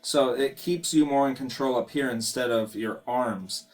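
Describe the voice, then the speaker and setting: Guy teaching guitar, laid-back, counting beats out loud, light strumming under him. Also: medium pitch, a little slow. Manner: relaxed, talks while counting beats aloud. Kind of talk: casual guitar lesson. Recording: guitar playing behind the voice.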